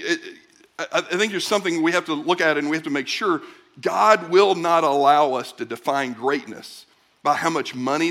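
Animated man preaching a conversational sermon. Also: a little high. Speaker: pastor.

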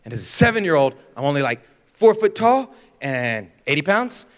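High-voiced animated male preacher, reverberant hall. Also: normal speed. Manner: animated storyteller, acts out scenes with shouts and gasps. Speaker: pastor. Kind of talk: sermon with storytelling.

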